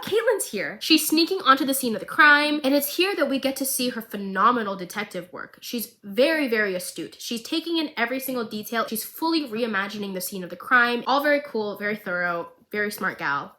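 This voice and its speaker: Excitable woman recapping a show, bright voice, kinda high, jokey and dramatic. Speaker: vlogger. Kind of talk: chatty animated-show recap.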